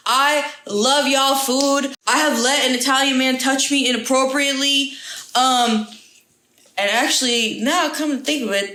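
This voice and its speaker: A woman's voice: high voice, pushed and bright, roomy sound. Profane, jokey young woman podcaster. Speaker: podcast host. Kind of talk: casual podcast, reading online stories aloud.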